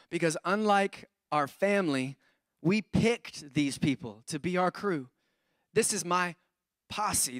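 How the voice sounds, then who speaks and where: A man in his thirties preaching a sermon as a pastor, telling stories in an animated, playful way and acting out voices. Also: sits high, no room sound, clean studio sound. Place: church auditorium.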